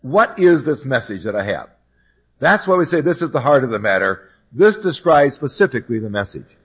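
A man giving an expository Bible lesson, explaining scripture verse by verse in a measured way. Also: mid-range voice, big pitch swings, breathy edge. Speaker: Bible study teacher.

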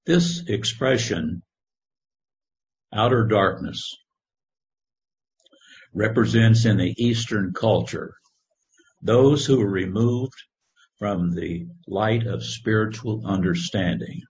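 A man preaching a sermon, reading scripture in a slow, measured way. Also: lowish voice, darkish tone. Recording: dull lo-fi recording.

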